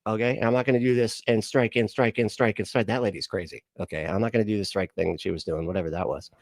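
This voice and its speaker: A man's voice: fairly low pitch, fairly even intonation, fast, no room sound, clean studio sound. A man hosting a livestream reaction, mocking the clip in a casual, sarcastic way and laughing often. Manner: sarcastic, laughs often, puts on silly voices.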